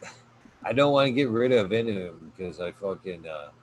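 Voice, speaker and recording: A man's voice: on the low side, expressive, fairly quick, darkish tone, slight background noise, rough recording. A man hosting a casual podcast, rambling with lots of fillers as he thanks his guest. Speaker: podcast host.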